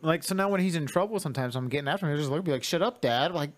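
A man's voice: fairly high pitch, very fast. A man in casual conversation, a father who tells stories about his kids, swears freely, laughs often and acts out the dialogue. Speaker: father of young children. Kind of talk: casual chat, podcast-like.

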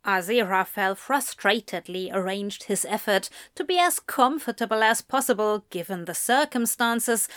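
Slow, intimate woman narrator. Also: medium pitch, a bit bright, no room sound, clean studio sound. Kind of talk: audiobook fan fiction reading.

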